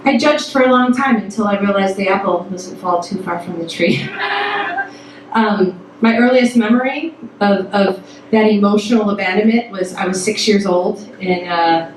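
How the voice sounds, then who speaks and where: A woman from Toledo, Ohio, telling a personal story on stage to a live audience, animated and full of swearing, acting out every quote. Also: medium pitch, moderate pace, a little hiss or hum. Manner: profane, animated, acts out quotes. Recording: echoey hall, mic at a distance.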